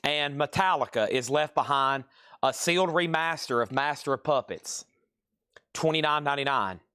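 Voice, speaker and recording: A man hosting a live record sale stream, briskly rattling off prices and bidder names. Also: a little high, pushed and bright, clear, resonant tone, no echo, studio quality. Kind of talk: live sales stream, calling bids.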